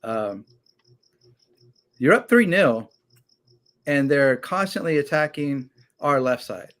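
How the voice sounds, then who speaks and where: A man's voice: a little high, expressive, slow pace, fairly bright tone. A man co-hosting a casual sports talk show, animatedly breaking down tactics and swearing now and then.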